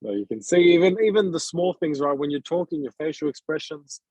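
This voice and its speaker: A man's voice: a little high, lively intonation, brisk, darkish tone, dry recording. A man training as a car salesman, talking over a video call in a hesitant way, repeating words as he thinks aloud. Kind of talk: coaching session, casual.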